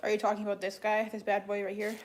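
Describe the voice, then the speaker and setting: Sarcastic young woman streamer. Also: mid-range voice. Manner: joking, dry sarcasm. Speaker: live streamer. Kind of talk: casual livestream chat reading donations.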